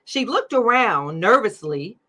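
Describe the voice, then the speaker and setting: A woman's voice: medium pitch, big pitch swings, measured pace, sharp tone. A middle-aged woman hosting her own show, talking in an upbeat, chatty way and laughing often. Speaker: podcast host. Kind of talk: casual livestream chat.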